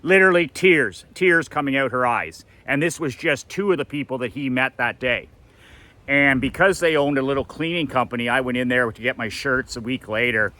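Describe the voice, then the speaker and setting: A middle-aged man with a bright, forceful, somewhat tense voice tells a personal story. He is emphatic and blunt, driving his points home and cursing freely along the way. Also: mid-range voice, moderate pace. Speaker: motivational coach.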